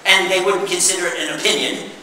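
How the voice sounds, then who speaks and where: A man giving an interactive workshop presentation, animated and drawing answers from his audience. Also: high-pitched, fast talker. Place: meeting room with an audience. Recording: echoey hall, mic far off.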